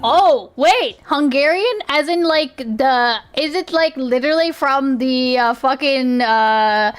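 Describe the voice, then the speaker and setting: Woman, high voice, young, streamer, casual reaction chatter, quick laughs. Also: soft background music. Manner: chatty, laughs often, fillers and restarts, asks okay a lot.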